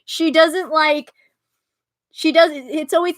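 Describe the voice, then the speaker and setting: A woman's voice: a little high, expressive, a little slow, sharp tone, dry recording, clean studio sound. A young woman chatting casually on her own live stream, giggling often and filling her talk with "like". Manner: giggly, chatty, full of "like" and laughter. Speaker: host.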